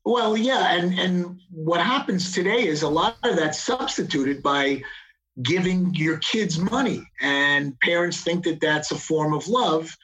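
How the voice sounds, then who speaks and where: Slow, reflective middle-aged man. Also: on the high side, lively intonation, a bit bright, rough recording. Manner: slow, reflective, full of pauses and restarts. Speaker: guest, father of the host. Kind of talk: casual conversation.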